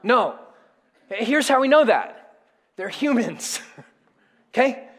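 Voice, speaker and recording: A high-voiced man preaches in a lively way, his pitch rising and falling widely. He calls on his congregation to say words back to him. The voice rings out through a church hall with long reverb. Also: slow pace. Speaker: pastor. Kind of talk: sermon. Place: church sanctuary.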